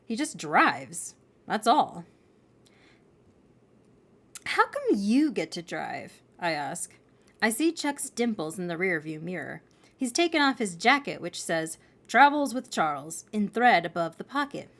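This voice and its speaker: A woman reading a children's novel aloud in an expressive storytelling manner. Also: on the low side, unhurried.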